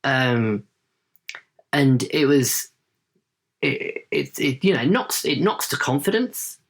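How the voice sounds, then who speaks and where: A man in his late thirties talks as a podcast guest in a relaxed, rambling way. His pitch sits in the middle range. He keeps checking in with "right?" as he tells his story. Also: slow pace, gravelly, husky. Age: late 30s. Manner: chatty, tags sentences with "right?". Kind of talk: casual interview storytelling.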